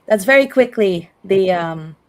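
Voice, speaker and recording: A woman with a hosting a casual online community call, upbeat and quick to laugh, with fillers. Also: medium pitch, animated, a little hiss or hum.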